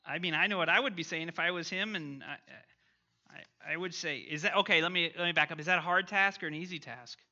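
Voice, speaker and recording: A man's voice: on the high side, brisk, pushed and bright, dull audio. A man teaching an interactive Bible lesson, questioning his class and reading scripture aloud.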